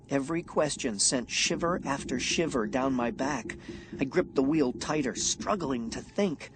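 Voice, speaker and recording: A man giving suspenseful first-person audiobook narration in a slow, expressive delivery, over background music. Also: mid-range voice, slight background noise. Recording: music bed under narration.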